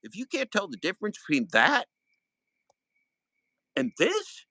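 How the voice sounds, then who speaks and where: Fiery high-pitched man ranting on a livestream. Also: wildly swooping pitch, quick pace, sharp tone, dry recording, low-quality recording. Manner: angry, confrontational, swearing. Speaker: livestream host. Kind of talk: heated livestream rant.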